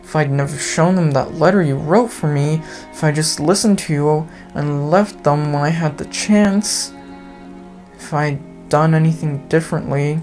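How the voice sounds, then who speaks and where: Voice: medium pitch, measured pace, a little mellow, faint music behind, close to an everyday voice. A gamer reading out the lines of a remorseful teenage girl who confesses her love, earnest and apologetic, as visual novel dialogue.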